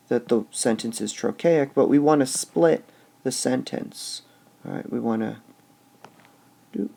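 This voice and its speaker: A man teaching a recorded lesson, speaking slowly and deliberately and stressing syllables out loud as he explains. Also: medium pitch, gravelly. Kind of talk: recorded lesson on poetic meter.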